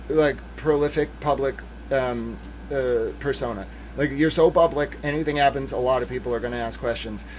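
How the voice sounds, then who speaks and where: A man giving casual, rambling legal commentary on a stream, animated, with jokey asides and mock voices. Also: mid-range voice, slight background noise.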